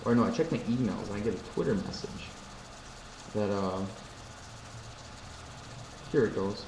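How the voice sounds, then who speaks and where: Hosting a live stream, a man with a lowish voice speaks a little slowly as he jokes around, chats casually with viewers, and reads their messages out loud. The room is echoey, with faint background noise.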